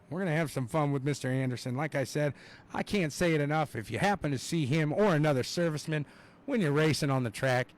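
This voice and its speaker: A young man giving live play-by-play commentary on a race, excitable and rambling, with plenty of fillers and asides. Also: a little high.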